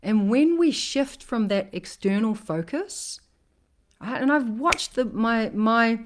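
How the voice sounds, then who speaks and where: A woman relationship coach talking in a casual live-streamed monologue, emphatic and animated, often asking "right?". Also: a little high, takes it slowly.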